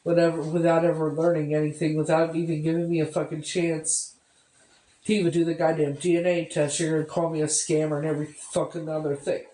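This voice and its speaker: A woman's voice: deep voice, little pitch movement, brisk, mellow. A woman venting in a bitter, tearful monologue, swearing heavily and repeating herself. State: upset and tearful. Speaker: vlogger. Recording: echoey room.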